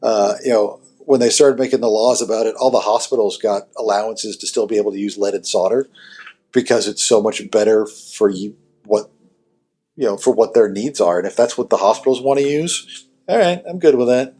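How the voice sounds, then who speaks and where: A man's voice: lowish voice, normal speed, dark tone, slightly rough. A man talking casually about building and repairing guitar gear, with lots of "you know" fillers and restarts. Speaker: amp builder guest. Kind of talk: casual technical podcast chat.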